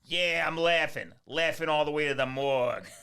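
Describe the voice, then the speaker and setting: A man voicing a tough-talking male biker in a put-on Italian-American accent, loud and mock-menacing. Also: on the high side, moderate pace, smooth, voice pushed down. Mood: panicked, defensive.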